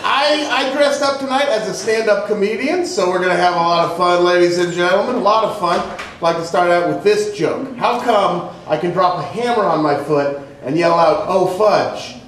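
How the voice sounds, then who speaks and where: High-voiced man doing stand-up in a club. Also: moderate pace, a little hiss or hum. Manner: loud, punchy, with stammering restarts. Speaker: stand-up comedian. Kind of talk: stand-up routine. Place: comedy club stage. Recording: echoey club from far off.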